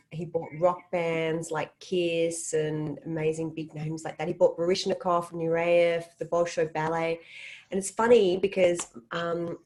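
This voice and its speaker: A low-pitched woman with an Australian accent talks casually on a convention panel. She rambles through stories and tosses in lively asides. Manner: chatty, rambling storyteller with animated asides. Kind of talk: casual chat.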